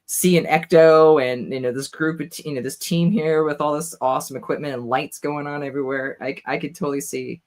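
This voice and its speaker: A man co-hosting a podcast, speaking in casual chat, relaxed and chuckling, with many "you know"s. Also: fairly high pitch, brisk, few pauses. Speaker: podcast co-host.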